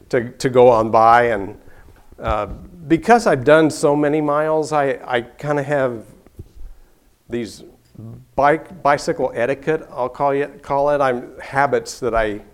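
An older man telling a personal story in an easygoing way, chuckling often and restarting his sentences. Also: medium pitch.

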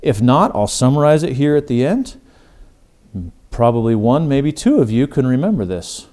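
A man's voice: mid-range voice, very animated, moderate pace, dark tone. A middle-aged man hosting a faith podcast, delivering an earnest, emphatic sermon-style talk. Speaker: podcast host.

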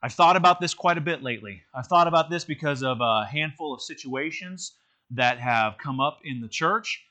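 A man's voice: on the high side, animated, normal speed, pushed and bright. A man teaching an interactive church lesson in a conversational way, with many fillers and restarts.

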